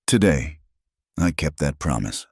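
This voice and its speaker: A man's voice: a bass voice, sing-song, measured pace, vocal fry, darkish tone, breathy edge, no echo, studio quality, exaggerated voice. A man voicing a stoic, reserved Apache scout who speaks in short, level sentences. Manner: terse, level, clipped sentences.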